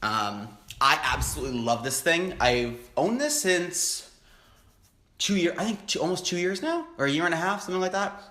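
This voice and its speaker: A young man hosting an eating show, chatting casually and excitedly between bites with lots of happy humming. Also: on the high side, normal speed, roomy sound. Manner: chatty, excitable, frequent hums of enjoyment. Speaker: mukbang host. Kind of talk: casual chat while eating. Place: home, indoors.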